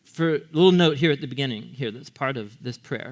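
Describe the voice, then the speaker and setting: A man's voice: medium pitch, fairly quick, few pauses. A man preaching a sermon as pastor, talking to the congregation in a conversational way and asking them questions. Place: church.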